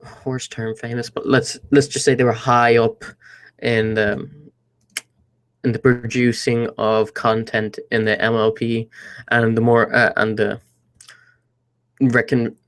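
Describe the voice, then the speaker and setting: A man's voice: mid-range voice, little pitch movement, takes it slowly, pauses often, fairly bright tone, clean tone. A young man from Ireland with an Irish accent, telling a story in a nervous, rambling way full of fillers and restarts. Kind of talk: casual storytelling vlog.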